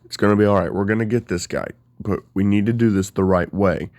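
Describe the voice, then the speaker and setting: Stern middle-aged hero barking orders, voiced by a man, low and dry. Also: fairly quick, darkish tone, no room sound, natural voice. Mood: firm. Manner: commanding, firm.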